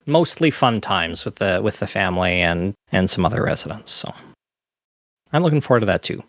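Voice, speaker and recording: Lively-voiced earnest male podcast host. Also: sits low, a little fast, no room sound, clean studio sound. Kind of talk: casual podcast discussion.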